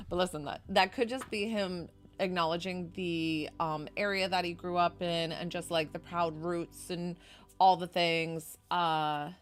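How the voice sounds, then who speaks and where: A woman's voice: lowish voice, fairly even intonation, measured pace. A woman from New York doing a chatty, effusive psychic reading on a live stream. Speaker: psychic medium.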